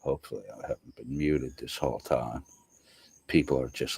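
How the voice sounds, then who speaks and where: A man's voice: rumbling low, fairly even intonation, moderate pace, creaky, darkish tone, breathy edge, no room sound. A man from the US East Coast hosting a casual livestream and reading chat comments aloud. He is congested with a sore throat and talks in a profane, rambling way. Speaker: livestream host.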